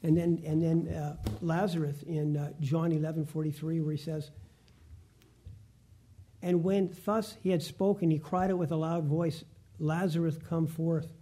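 Dark-voiced man teaching from the Bible. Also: a little high, little pitch movement. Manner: reads verses slowly and deliberately, with restarts. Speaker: preacher. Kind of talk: Bible teaching, reading scripture aloud.

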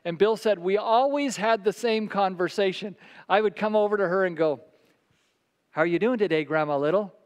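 Brief: male pastor, high voice, storytelling sermon, softens for quotes, long hall reverb. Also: moderate pace, smooth. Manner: storytelling, drops to soft quiet voice for quoted words.

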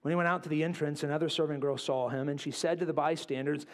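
A male pastor preaching a sermon, acting out quotes and dropping to quiet asides. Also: on the high side, quick pace. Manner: animated, acts out voices in quotes, drops to quiet asides.

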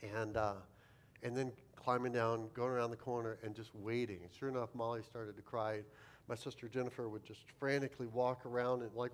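A male pastor tells a childhood story in a sermon with a self-deprecating, humorous touch. His voice sits in an ordinary middle pitch for a man. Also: level tone, brisk.

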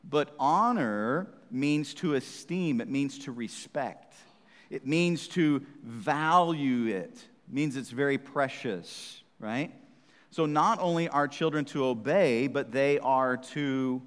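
A pastor delivering a sermon in an easygoing, conversational way, teasing his listeners and checking in with them often. His voice sits at an average pitch for a man. The church hall gives it a long, ringing reverb. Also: takes it slowly. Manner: conversational, teasing, frequent "right?" check-ins.

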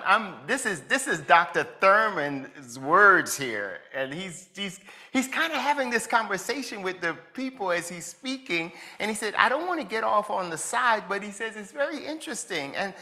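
Man preaching with a lively, lilting voice. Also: high-pitched, normal speed. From Jamaica. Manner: asks the listeners reflective questions, chuckles between points. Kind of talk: conversational sermon.

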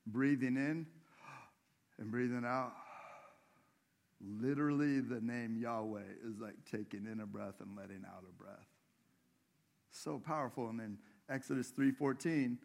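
A male pastor preaching a sermon in a church, talking conversationally and asking the congregation questions. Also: mid-range voice.

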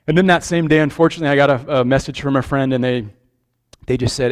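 A man's voice: medium pitch, fast. A man preaching a sermon as pastor, speaking in an earnest, conversational way and checking in with the congregation with questions.

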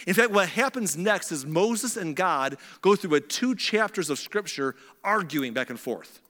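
A man's voice: lively intonation, moderate pace, few pauses, a bit bright, big-room sound. A man preaching a sermon, telling the story in a casual conversational way and acting out the dialogue. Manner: conversational storytelling, acts out dialogue with shifting pitch. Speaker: pastor.

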